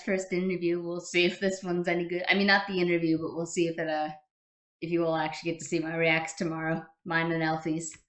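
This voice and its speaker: A woman's voice: fairly low pitch, fairly bright tone. A woman hosting a casual fan reaction show, chatty and gushing as she comments on clips. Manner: chatty, gushing, fond of throwbacks. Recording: echoey room.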